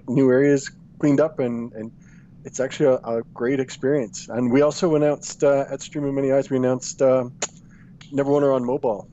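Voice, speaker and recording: A man chats casually as a guest on a call-in podcast. He jokes, laughs often, and now and then slips into gruff voices, with a faint hiss behind him. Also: mid-range voice, mellow, highs cut off. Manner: jokey, laughs often, puts on gruff ogre voice. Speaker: game studio guest.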